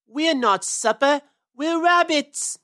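Woman voicing a scared little boy bunny in a storybook, whiny and shrill. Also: slow pace, fairly bright tone. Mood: defiant. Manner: wailing, panicky insistence. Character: frightened young male rabbit, excitable and whiny.

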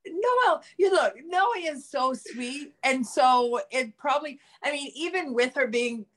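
A woman's voice: high-pitched, lively intonation, a little slow, fairly bright tone. A middle-aged woman co-hosting a sports podcast, talking loosely with lots of fillers and restarts. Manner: rambling, many fillers and restarts. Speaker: podcast co-host; former high school coach. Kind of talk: casual sports chat.

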